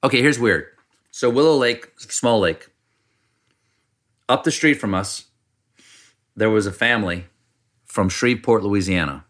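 Middle-aged man from South Carolina, low bright voice, animated storyteller who mimics people. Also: measured pace, pauses often. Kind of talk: casual chat.

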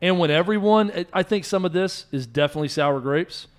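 A man's voice: sits high, brisk, clean tone. A man co-hosting a sports talk show, opinionated and often restarting his sentences.

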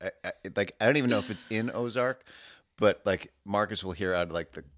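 A man co-hosting a podcast, trading deadpan jokes in casual chat. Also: fairly low pitch. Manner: quick deadpan quips and a mock backwoods catchphrase. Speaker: podcast co-host.

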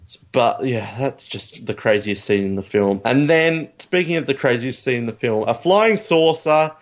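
A man co-hosting a podcast, chatting casually about a film, rambling and laughing, getting animated when amused. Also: medium pitch, normal speed. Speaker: podcast co-host. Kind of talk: casual film review chat.

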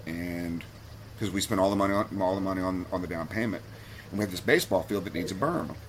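A man's voice: deep voice, quick pace, a little hiss or hum. A man on a podcast as a guest, telling a personal story in a candid, heartfelt way that gets him choked up. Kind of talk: casual storytelling.

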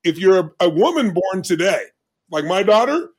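A man's voice: very animated, normal speed, breathy edge. A man in his sixties, a podcast guest telling stories in an emphatic, dramatic way. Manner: emphatic, dramatic storyteller with big swings of pitch. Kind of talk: animated storytelling in conversation.

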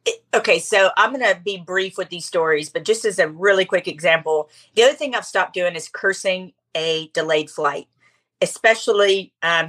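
A middle-aged woman chatting as a podcast guest, telling stories in an animated way with quick asides. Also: lowish voice. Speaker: podcast guest, speaker coach. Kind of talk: casual interview chat.

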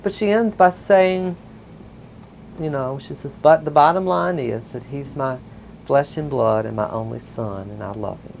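A man from the US South, telling a personal story in a casual interview, rambling with many ums and soft chuckles. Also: mid-range voice, moderate pace, creaky, a little hiss or hum, poor audio. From Mississippi, US South. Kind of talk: casual oral-history storytelling.

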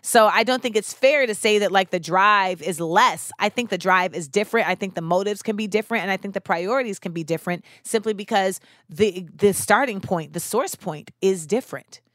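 A woman's voice: mid-range voice, brisk, few pauses, a bit bright, no echo, studio quality. A woman hosting a podcast, talking through her thoughts in an earnest, reflective way with frequent "you know"s. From United States, of West Indian parents. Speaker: podcast host. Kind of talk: reflective casual monologue.

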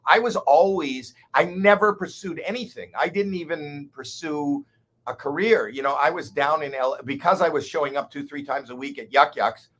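Animated older comedian telling a story. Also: male voice, a little high, normal speed. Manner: animated, profane, self-deprecating. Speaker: guest comedian. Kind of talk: casual storytelling.

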